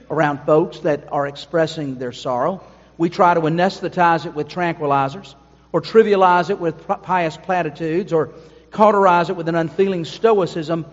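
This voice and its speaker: Guy preaching, voice sits kinda high, long church echo, bit muffled. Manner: preaching with rising emphasis and asides to the congregation. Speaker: pastor. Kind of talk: sermon. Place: church sanctuary. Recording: dull sound with long hall reverb.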